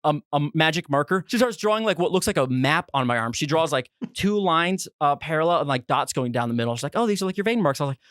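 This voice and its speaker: Young man, podcast co-host, rapid talk, high voice, dry close-miked sound, animated storytelling. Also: dry recording. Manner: animated, re-enacts his own reactions with big pitch jumps. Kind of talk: casual storytelling chat.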